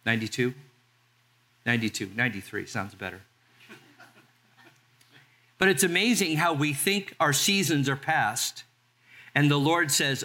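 A man in his sixties from Southern California, a pastor preaching a sermon in a conversational way and slowing down to read scripture. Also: a little high, lively intonation, sharp tone. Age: 60s. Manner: conversational, reads scripture slowly.

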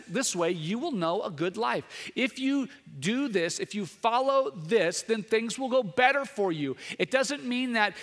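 A male pastor in his thirties delivers a sermon in a rather high voice. He talks earnestly, doubling back on his words, and now and then pushes into loud, emphatic stretches. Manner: earnest, repetitive restarts, builds to raised emphatic passages.

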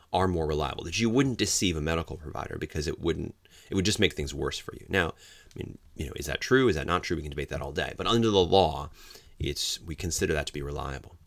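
Very deep gravelly male legal lecturer. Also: no echo. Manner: explanatory, acts out quoted examples with sudden loud outbursts. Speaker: legal trainer for law enforcement.

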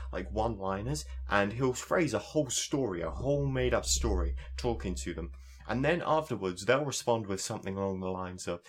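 A man's voice: fairly low pitch, breathy edge. Ranting young Englishman, southern accent. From southeast England. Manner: swears freely, ranting, trails off into restarts. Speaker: podcast co-host. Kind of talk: casual chat.

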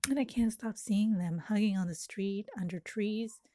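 A woman reading her own poem aloud in a slow, lyrical and intimate way. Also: mid-range voice, fairly even intonation, mellow, no echo, clean studio sound. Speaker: poet. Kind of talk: poetry reading.

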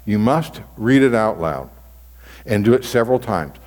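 A man with a lowish, darkish voice speaks expressively at a moderate pace. He's a pastor teaching on devotional reading in a conversational sermon style, frequently restarting and repeating phrases. The long reverb of a large hall surrounds the recording.

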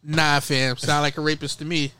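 A man's voice: fairly high pitch, moderate pace, a little hiss or hum. A man co-hosting a podcast in casual chat, acting out quoted people in a raised voice. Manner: animated, acts out quoted women in a raised voice. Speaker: podcast co-host.

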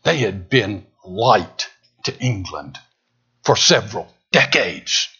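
A male preacher delivering a dramatic sermon, swinging from loud emphatic peaks down to hushed near-whispers. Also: fairly low pitch, big pitch swings, slow pace, slightly rough. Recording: dull lo-fi sound.

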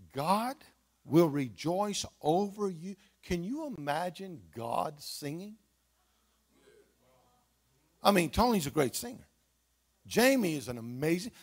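Man preaching an animated sermon. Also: fairly high pitch, breathy edge. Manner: animated preaching, calls to the congregation. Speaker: pastor. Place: church auditorium.

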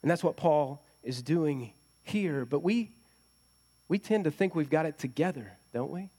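A man's voice: fairly high pitch, expressive, a little slow, warm tone, breathy edge. A man preaching a conversational sermon as a pastor, often asking the congregation rhetorical questions.

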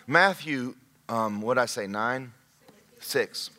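Pastor, bright voice, tells jokes and shouts punchlines from the pulpit. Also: male voice, medium pitch, takes it slowly, slight background noise. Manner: humorous storytelling, shouting punchlines. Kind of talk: sermon. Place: church sanctuary.

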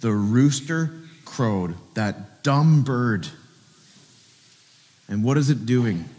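A man's voice: medium pitch, animated, drawn-out words, darkish tone, big-room sound. A pastor preaching a sermon at a church service, earnestly asking his listeners direct questions.

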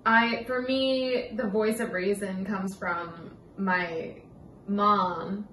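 A woman's voice: mid-range voice, steady tone, extremely slow, a bit bright, distant mic. A young woman chats casually as a podcast co-host, filling her talk with fillers and easy laughter. She sits a little off the mic in a roomy room, with a faint hum of noise behind her. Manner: chatty, laughs often, many fillers. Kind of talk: casual chat.

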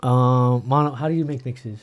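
A man's voice: medium pitch, steady tone, moderate pace. A man in casual podcast chat, laid-back and agreeable, using plenty of slang. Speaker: podcast co-host.

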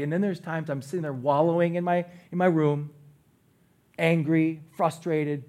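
Middle-aged pastor guy preaching, kinda high voice, gets loud then drops real quiet. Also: moderate pace. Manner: animated, swings from loud bursts to quiet asides. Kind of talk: sermon. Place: church stage.

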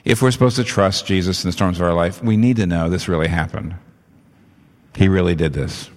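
A man preaching a sermon in a low voice, animated, his voice jumping up sharply to drive a point home. A long reverb hangs on every word, as in a big hall. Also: fairly quick. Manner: animated, rising in pitch for emphasis. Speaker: pastor.

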